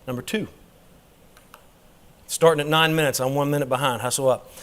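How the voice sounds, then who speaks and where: A man teaching a church Bible class in a preaching style, emphatic and dropping quick humorous asides. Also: medium pitch, fairly even intonation, fairly bright tone.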